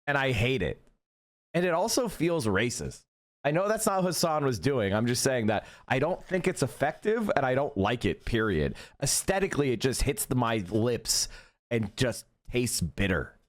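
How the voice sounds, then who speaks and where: A man streaming his reaction to a clip, ranting in a profane, animated way. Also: medium pitch, moderate pace. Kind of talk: casual reaction commentary.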